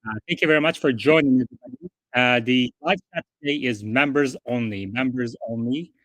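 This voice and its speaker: A man hosting a casual livestream who talks through numbers in a chatty, unhurried way and thinks out loud as he goes. His voice sits at an ordinary middle pitch. The sound is dry and close, with no room around it. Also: no echo, rough recording. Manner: chatty, thinking aloud, reads quotes from a report. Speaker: livestream host.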